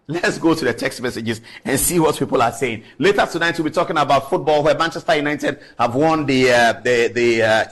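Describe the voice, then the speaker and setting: A man's voice: mid-range voice, a bit bright. A man with a Ghanaian accent, hosting an evening television show and giving emphatic commentary while reading out messages. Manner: emphatic, rising into exclamations. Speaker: news show host. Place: television studio.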